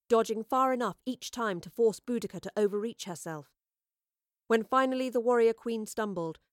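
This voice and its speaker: A woman narrating an audiobook in a measured, expressive reading. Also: medium pitch, dry recording, clean studio sound.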